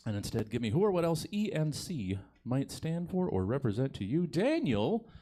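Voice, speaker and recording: A man hosting a live comedy show, animated and laughing often between lines. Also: mid-range voice, moderate pace. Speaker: host.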